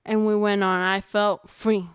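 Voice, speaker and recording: A young woman, a podcast guest, telling a personal testimony in casual conversation, earnest and halting with restarts. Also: medium pitch, little pitch movement, smooth, no room sound, studio quality.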